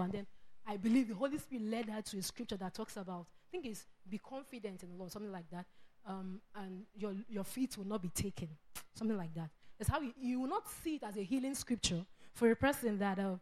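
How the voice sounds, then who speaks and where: A woman's voice: medium pitch, a little mellow. A woman preaching a sermon, emphatic, repeating phrases and acting out quoted voices.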